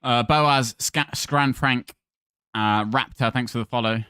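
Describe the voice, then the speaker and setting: Male streamer, mid pitch, dry close sound, chatty and upbeat with chat. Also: fairly even intonation, a little slow, pushed and bright, smooth, no room sound. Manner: chatty, thanks followers by name. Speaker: livestream gaming host. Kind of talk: casual livestream chat with viewers.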